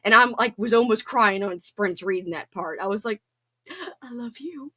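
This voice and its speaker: A woman's voice: medium pitch, sharp tone. A woman hosting a casual livestream from home, chatting bubbly and reading out viewer comments. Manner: bubbly and chatty, quick laughs and squeals. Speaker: livestream host.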